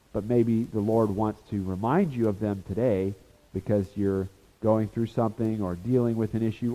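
A man teaching a Bible lesson as a sermon, animated and acting out the voices of people in the story. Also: fairly low pitch. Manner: animated, acts out voices of the disciples and Jesus. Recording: reverberant hall.

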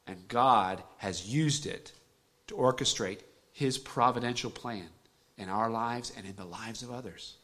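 Bright-voiced male preacher. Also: mid-range voice. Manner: swings from hushed near-whisper to loud emphatic preaching. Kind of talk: sermon.

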